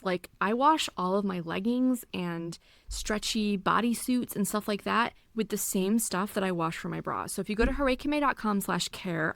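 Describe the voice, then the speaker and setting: A chatty woman podcast host who explains things like a friendly teacher, animated and emphatic. Her mid-pitched voice sounds close and dry, with no room echo. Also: creaky. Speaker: podcast host and bra fitter. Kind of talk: casual solo podcast teaching.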